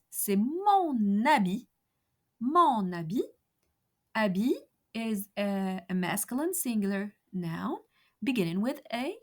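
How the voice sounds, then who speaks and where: A woman teaching a beginner lesson, saying example phrases slowly and carefully. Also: medium pitch, fairly bright tone. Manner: slow, careful over-enunciated example phrases. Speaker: French teacher.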